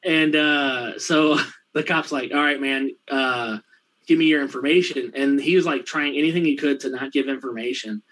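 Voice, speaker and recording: A man telling a profane anecdote in casual chat, laughing often and acting out the other people's lines in quick, rambling bursts. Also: mid-range voice, a bit bright, rough recording. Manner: quick, rambling delivery with fillers. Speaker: storyteller in a conversation.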